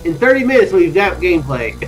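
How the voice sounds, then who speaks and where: A man with a Southern US accent talks over a story game as he plays, rambling from one aside to the next with plenty of fillers. His voice sits a bit high for a man and jumps around a lot, and faint music plays behind him. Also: very animated, a little fast, low-quality recording. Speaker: gaming channel host. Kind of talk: game commentary while reading a story game aloud.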